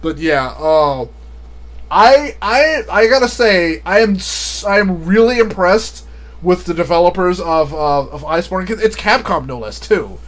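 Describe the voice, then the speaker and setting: High-voiced rambling male streamer. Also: animated, measured pace. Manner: rambling, laughs often at his own jokes. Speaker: live streamer. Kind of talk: casual live-stream chat.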